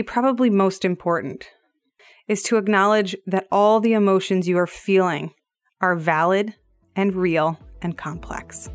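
Gentle, earnest woman podcaster. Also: mid-range voice, dry recording. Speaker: podcast host. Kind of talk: reflective solo podcast talk.

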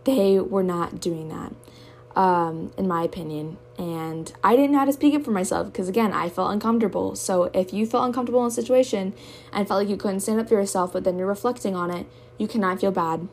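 A woman's voice: mid-range voice, brisk, darkish tone, a little hiss or hum. A young woman speaks in a candid personal monologue for her podcast. She is emotional and open and curses freely as she works through her feelings. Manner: emotional, candid, swears often. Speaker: podcast host.

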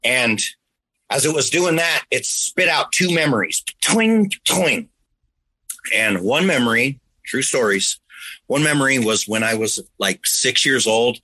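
A man's voice: mid-range voice, a little slow, bright, forceful tone, poor audio. A man earnestly telling a personal story in a rambling, conversational way, now and then making sound effects.

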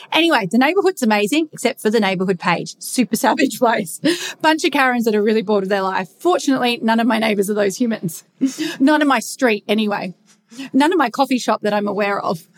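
A woman's voice: fairly high pitch, animated, a little fast. A young woman talking bluntly in a casual confessional monologue, swearing freely as she rants.

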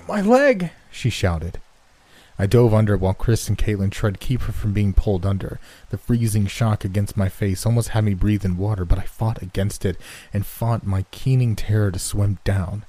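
A man narrating a first-person horror story in a measured, somber way. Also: lowish voice, dark tone, low-quality recording.

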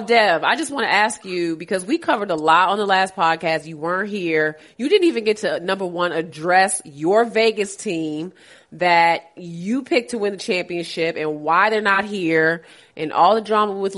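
A woman's voice: on the low side, moderate pace, a bit bright. A woman hosts a laid-back sports podcast in a chatty, playful way. A cold has left her voice stuffy and nasal. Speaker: podcast host. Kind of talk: casual sports podcast chat.

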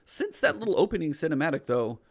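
A man's voice: on the high side, very animated, fast, gravelly. A middle-aged man co-hosting a casual gaming podcast, chatty and explaining at length. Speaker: podcast co-host.

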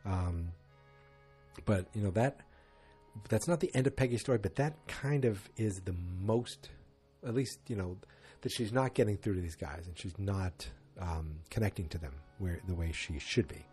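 A man's voice: low-pitched, normal speed, warm tone, husky, faint music behind. A man giving a casual, rambling recap of an episode, with wry asides.

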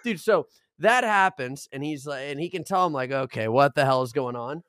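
Young male podcast co-host, lively storyteller, dry close sound, mid-pitched. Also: moderate pace, clear, resonant tone, no echo. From Arizona, United States. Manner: animated, swears a lot, acts out voices in his stories. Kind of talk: casual storytelling chat.

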